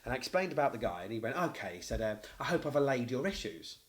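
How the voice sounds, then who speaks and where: Fast-talking Mancunian man spinning a story. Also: medium pitch. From Manchester, England. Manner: animated, blunt storyteller who swears freely. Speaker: tattoo studio owner. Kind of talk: casual podcast storytelling.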